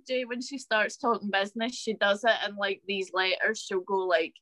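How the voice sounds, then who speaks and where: A woman co-hosting a podcast, chatting in an enthusiastic, lively way. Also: mid-range voice, normal speed, few pauses, no room sound. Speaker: podcast co-host. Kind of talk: casual chat.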